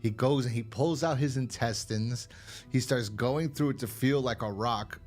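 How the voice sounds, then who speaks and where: Soft music plays behind this medium-pitched male co-host of a horror podcast as he goes over an episode at a moderate clip. He meanders loosely, leaning on fillers and dropping profanity now and then.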